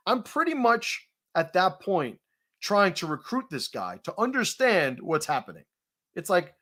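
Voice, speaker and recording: A middle-aged man telling a story casually, his voice sitting a bit high for a man. His pitch swings widely as he acts out both sides of a heated argument. He swears freely and laughs between lines. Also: unhurried. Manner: animated, profane, laughing while telling a confrontation story. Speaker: host.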